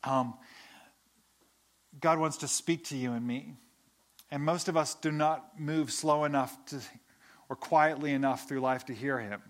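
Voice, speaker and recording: A man's voice: fairly high pitch, unhurried, pauses often. A man, a pastor, giving a conversational, earnest sermon, often restarting and repeating words as he speaks.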